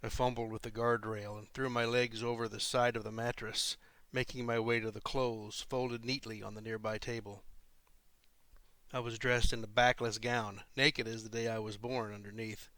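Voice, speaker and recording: A man's voice: mid-range voice, flat delivery, fairly bright tone, dry recording. Man reading his own story aloud. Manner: measured first-person storytelling. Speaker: author and podcast host.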